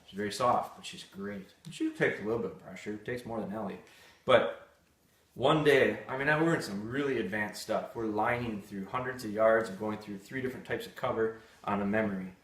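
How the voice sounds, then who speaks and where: A man's voice: on the low side, animated, fairly quick. A man hosting a live dog-training session, answering viewer questions in a candid, blunt, storytelling way. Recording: echoey room.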